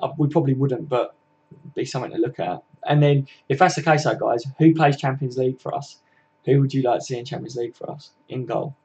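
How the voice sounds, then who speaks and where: A young man with a southern English accent hosts a football live stream, answering viewer comments in casual, slangy chat packed with tag questions. His mid-range voice is fast and darkish in tone.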